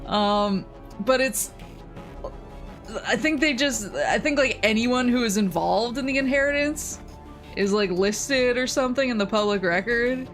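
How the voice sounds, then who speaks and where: A woman's voice: on the high side, a little slow, faint music behind. A young woman streamer chatting casually while playing a game, telling rambling stories and laughing often.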